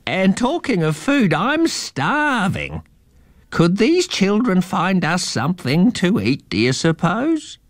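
A man's voice: sits high, huge pitch swings, no echo, studio quality, voice pushed up, full character voice. A man voicing a friendly old eagle with a man's face in a storybook reading. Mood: genial. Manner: slow, genial and cheery.

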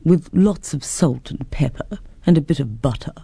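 A woman voicing a small, polite dragon that speaks in a slow, calm drawl. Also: low voice, creaky, breathy edge, dry recording, heavily acted.

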